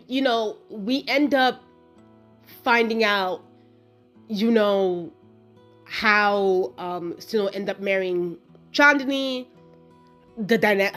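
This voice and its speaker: A woman talks through a film in a loose, chatty review. She is animated and exasperated, piling on asides and laughter. Her voice sits at a mid pitch, with faint music underneath. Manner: exasperated storytelling, acting out her own reactions. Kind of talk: casual spoken film review.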